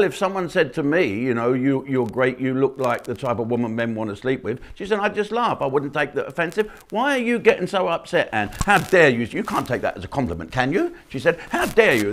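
An older man, a comedian and channel host, giving a blunt, mocking monologue full of swearing and asides. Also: medium pitch. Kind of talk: rambling opinionated monologue.

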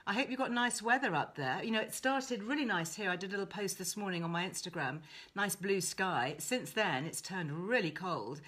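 A woman hosting a casual live stream from home, chatting warmly and reading out viewers' greetings. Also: medium pitch, animated, brisk, husky. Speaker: host. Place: her home.

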